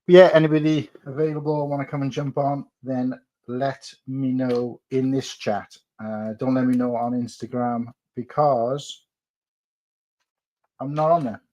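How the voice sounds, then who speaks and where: A man's voice: mid-range voice, flat delivery, unhurried, dark tone. A man hosting a casual live stream from home, chatting and reading viewer messages aloud. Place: at home, building on the sofa.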